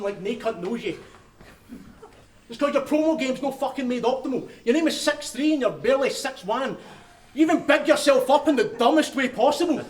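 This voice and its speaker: A Scottish man performing crude, taunting bars in a live rap battle, often laughing at his own lines, in a large venue. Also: very high voice. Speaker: battle rapper. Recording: echoey hall with loud crowd.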